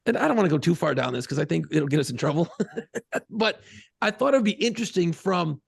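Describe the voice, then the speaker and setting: A man's voice: a little high, lively intonation, a little fast, vocal fry, breathy edge, no echo, clean studio sound. A man from Buffalo, New York, co-hosting a podcast in casual, profane, rambling banter. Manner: profane, rambling, laughs often. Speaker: podcast co-host.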